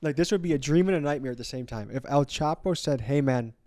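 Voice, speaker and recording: A young man talking casually on a podcast, earnest and animated, dropping into quoted voices mid-story. His voice sits in a medium range and sounds close and dry on a studio mic, with no room around it. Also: medium pitch, fast, dry recording. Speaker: guest, documentary filmmaker.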